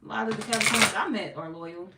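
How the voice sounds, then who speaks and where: A woman's voice: medium pitch, fast. A woman chatting casually as a tarot reader, laid-back and talkative as she reads viewer comments aloud. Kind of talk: casual live-stream chat. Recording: echoey room, mic far off, noisy.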